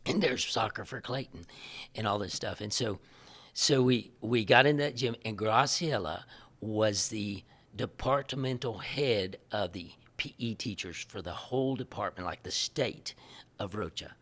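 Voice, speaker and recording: A man, a missionary guest telling lively stories in an interview and acting out the dialogue, often laughing. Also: fairly low pitch, a little slow. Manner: animated, laughing storyteller who acts out quoted dialogue. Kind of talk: storytelling in a podcast interview.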